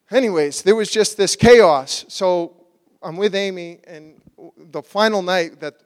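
A man giving a sermon testimony in animated storytelling style, acting out his own quotes, at times loud and at times soft. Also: fairly high pitch, in a large hall. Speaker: preacher sharing a testimony.

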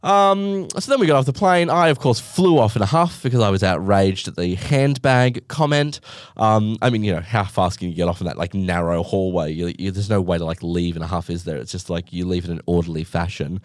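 A man's voice: low-pitched, a little fast, dry recording, clean studio sound. A man telling a story in a casual monologue, dramatic and sarcastic, swearing freely.

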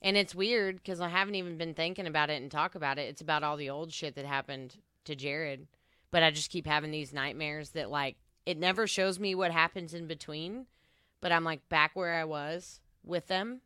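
Bright, smooth-voiced candid podcast co-host. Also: medium pitch, fairly even intonation, moderate pace, no echo, clean studio sound. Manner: candid and open, talks frankly about personal matters. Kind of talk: casual podcast chat.

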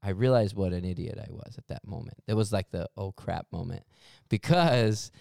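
A man's voice: sits low, moderate pace, vocal fry, a little mellow, no room sound, studio quality. A young man, a podcast co-host, telling a rambling, self-deprecating story in casual chat and laughing often.

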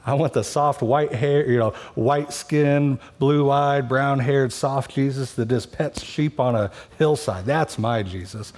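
A man's voice: medium pitch, slow pace, hardly any pauses, darkish tone. Guy pastor preaching, chatty and jokey, mid-range voice. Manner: conversational, joking asides. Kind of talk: sermon.

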